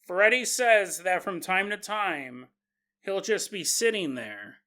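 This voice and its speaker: A man's voice: high-pitched, lively intonation, takes it slowly, pushed and bright. A man hosting a paranormal podcast, retelling a strange story with comedy, laughing often and slipping into mock voices for the people in it. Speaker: podcast host.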